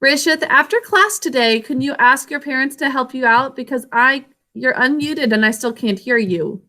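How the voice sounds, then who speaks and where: Lady teacher on a video call sounding words out syllable by syllable, kinda high voice. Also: normal speed, pushed and bright. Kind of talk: online reading lesson.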